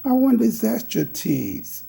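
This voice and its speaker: A woman's voice: a little high, sing-song, unhurried, gravelly, mellow, husky. A woman vlogger calling out another vlogger in a sassy, scolding, teasing way.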